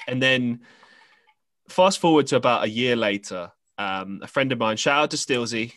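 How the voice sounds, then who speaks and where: A man's voice: mid-range voice, moderate pace, fairly bright tone, no echo. An English man hosting a podcast, telling a story in a rambling, chatty way with lots of fillers and restarts. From England. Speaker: podcast host. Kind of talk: casual conversational storytelling. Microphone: podcast microphone.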